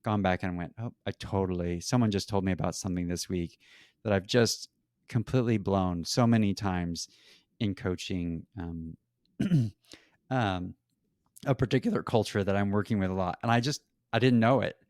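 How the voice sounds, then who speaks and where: A man who works as a coach, co-hosting a podcast and reflecting aloud in a halting, thoughtful way. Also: low voice, a little mellow, dry recording, studio quality. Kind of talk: conversational podcast chat.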